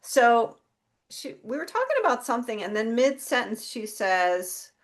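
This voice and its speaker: Her voice sits on the high side and is very animated, though she speaks a little slowly. She is a middle-aged psychic and healer being interviewed, telling a personal story candidly and casually while swearing freely.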